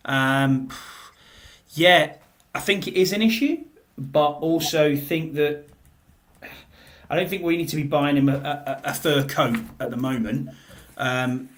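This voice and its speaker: A British man from the north of England hosting a casual sports podcast; chatty, he drops low for wry asides. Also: measured pace, fairly bright tone. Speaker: podcast host.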